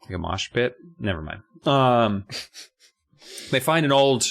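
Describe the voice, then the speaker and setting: A man's voice: animated, measured pace, vocal fry. A man co-hosting a podcast, casually and jokingly recapping a book with profanity. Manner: joking, profane, acts out characters with big pitch jumps. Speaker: podcast co-host.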